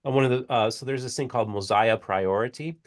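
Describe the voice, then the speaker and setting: A man's voice: medium pitch, fast talker. Male host adding scholarly context. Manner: adds scholarly context with frequent fillers and restarts. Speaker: interviewer, show host. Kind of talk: casual conversational commentary.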